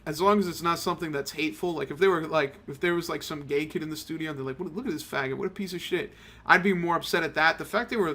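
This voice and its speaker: A man's voice: fairly high pitch, pushed and bright. A young man giving casual, rambling, profane commentary over a mobile game he is playing. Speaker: gaming channel host. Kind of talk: casual let's-play commentary.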